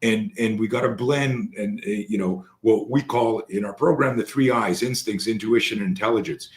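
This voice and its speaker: Low-voiced man telling rambling stories. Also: normal speed. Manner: rambling, animated anecdotes with many restarts and fillers. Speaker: guest, fear management trainer. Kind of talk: casual storytelling.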